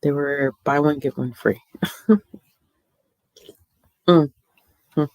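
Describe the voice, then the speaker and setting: Slow, chatty woman livestream host. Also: low voice, a little mellow. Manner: chatty, drawn-out greetings, frequent ums and laughs. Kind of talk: casual chat.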